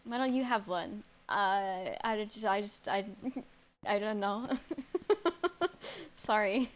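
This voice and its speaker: A woman's voice: mid-range voice, animated, slow. Girl streaming a game at home, super bouncy up and down voice, rambles at chat and giggles constantly. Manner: chatty, reacts to the game and answers chat aloud, laughs often. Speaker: streamer playing a horror game. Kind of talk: casual live-stream chatter.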